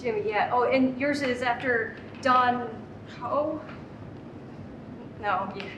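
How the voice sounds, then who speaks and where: A high-pitched, flustered middle-aged mother, as a woman plays her on stage, stammering through restarts while juggling a call, her old mother and a toddler. The voice sits back from the mic in an echoey room. A steady noise runs under the live sketch recording. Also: slow, dull audio. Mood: frazzled. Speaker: comedic actor. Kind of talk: live comedy sketch monologue. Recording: roomy, distant, noisy live recording.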